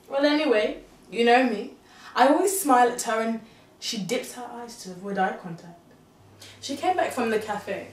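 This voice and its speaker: A young woman tells a dramatic story in a confiding, animated monologue with a lively, swooping pitch. She drops to a hush and then bursts into exclamation. She is heard from a distance in an echoey room. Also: slight background noise. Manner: animated, confiding, swings between hushed and exclaiming. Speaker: narrator telling a story to her mother.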